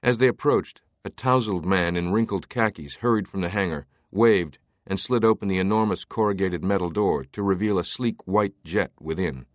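A man narrating an audiobook in a steady, even tone. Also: low-pitched, moderate pace, hardly any pauses, no echo, studio quality. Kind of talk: scripted narration.

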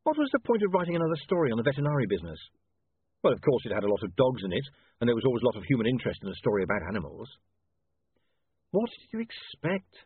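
Man narrating, husky tinny sound. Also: medium pitch, sing-song, dry recording. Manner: measured storytelling. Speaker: audiobook narrator. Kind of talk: scripted narration. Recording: tinny dry lo-fi audiobook recording.

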